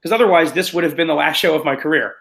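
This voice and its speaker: A man, a stage actor, chatting in an interview in an animated, self-deprecating, rambling way. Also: fairly high pitch, rapid-fire, gravelly, poor audio. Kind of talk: casual interview chat.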